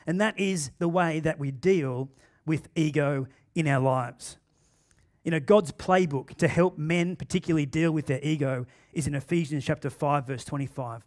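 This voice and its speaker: A man with an Australian accent preaching a sermon in a church, swinging between loud emphatic bursts and quiet asides. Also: on the high side, normal speed. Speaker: pastor. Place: church auditorium.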